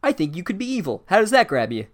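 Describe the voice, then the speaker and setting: A man's voice: sits high, sing-song, fast talker, voice pushed up. A man voicing a rude, sarcastic male talking magic hat that curses and taunts. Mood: taunting. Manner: taunting, profane.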